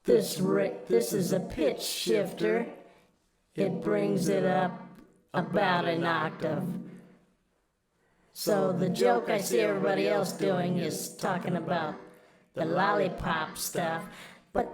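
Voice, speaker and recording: A man talking through a pitch shifter that raises his voice about an octave, chatting jokingly during a demo. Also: fairly even intonation, slow pace, pauses often, music in the background. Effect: pitch shifter raising the voice about an octave.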